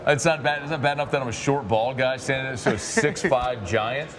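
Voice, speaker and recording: A man's voice: mid-range voice, a little fast. A man interviewing a player in a playful, joking way. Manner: jokey, playful. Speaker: sports interviewer. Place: busy media event. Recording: background noise.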